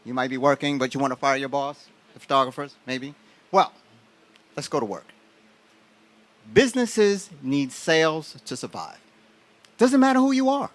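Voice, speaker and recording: A man giving a motivational business talk on stage, asking the audience questions. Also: fairly high pitch. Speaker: business speaker.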